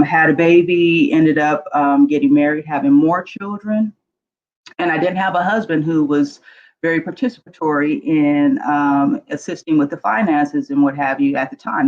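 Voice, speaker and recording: A woman's voice: lowish voice, muffled recording. A middle-aged woman, emotional and earnest, frankly telling her life story as a guest panelist on a video call. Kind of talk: candid personal storytelling.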